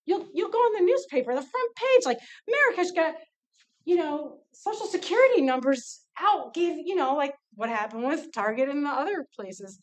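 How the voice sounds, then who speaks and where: A woman's voice: high-pitched, animated, normal speed, voice pushed up. A woman voicing a cautious female lawyer, who gives urgent, worried warnings about bad press. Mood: alarmed.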